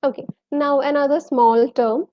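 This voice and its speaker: A woman's voice: high voice, fairly even intonation, moderate pace, no room sound, lo-fi sound. A woman with a Malayali accent teaching a live online English lesson, quizzing viewers and reading out their names and answers.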